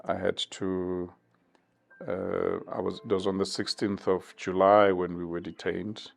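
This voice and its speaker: A man in his fifties from South Africa, giving measured, thoughtful interview answers with many pauses. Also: low voice, flat delivery, creaky. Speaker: interview guest.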